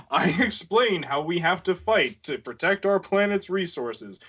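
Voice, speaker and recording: A man's voice: high voice, animated, a little slow, hardly any pauses, fairly bright tone, husky. A man joking in a casual podcast chat, often chuckling. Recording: dull lo-fi sound.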